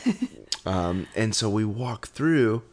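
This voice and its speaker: A man's voice: lowish voice, lively intonation, takes it slowly, darkish tone. A man telling a story in a casual, rambling way, with lots of fillers and laughter. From Southern California.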